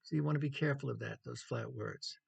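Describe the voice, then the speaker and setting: Gravelly, husky man lecturing on writing. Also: mid-range voice. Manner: measured, frequent ums and throat clearing. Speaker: writing instructor.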